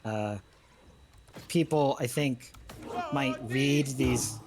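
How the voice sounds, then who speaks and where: Hesitant man, historian guest, noisy stream. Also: medium pitch. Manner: halting, many fillers and restarts. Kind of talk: casual conversation on a livestream.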